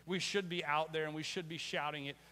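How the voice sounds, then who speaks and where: Man, pastor, livestream sermon, high voice, lively delivery, loud-to-hushed swings. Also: brisk. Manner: animated, conversational preaching with dramatic swings from loud to hushed.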